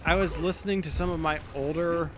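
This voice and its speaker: A man's voice: fairly high pitch, fairly even intonation, fairly quick. A young man giving casual, rambling let's play commentary, often correcting himself as he thinks aloud. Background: game music.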